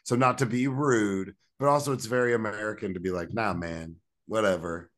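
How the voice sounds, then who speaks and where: Man, podcast co-host, casual chat, slangy, rambling, fairly low voice. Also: a little fast, fairly bright tone. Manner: rambling, slangy, full of fillers and restarts.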